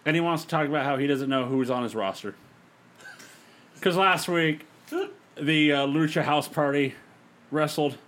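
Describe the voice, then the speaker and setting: A man hosting a podcast, reading out a fantasy wrestling show as a brisk play-by-play recap with light laughs. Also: fairly high pitch, a bit bright. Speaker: podcast host.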